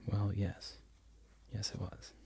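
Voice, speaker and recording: A man talks in a whispered ASMR ramble, his voice breathy and husky as it drifts from one aside to the next. He often forgets where he was going and laughs quietly at himself. Under the whisper his tone sits low and gravelly. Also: monotone, takes it slowly, dry recording. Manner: rambling, loses his train of thought; self-deprecating, laughs softly at himself. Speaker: crochet content creator.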